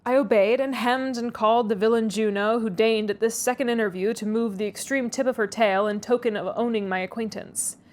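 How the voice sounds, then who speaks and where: A woman reading a classic novel aloud, pausing for chatty asides and laughing at her own stumbles. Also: fairly high pitch, steady tone. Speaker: audiobook reader, read-aloud host.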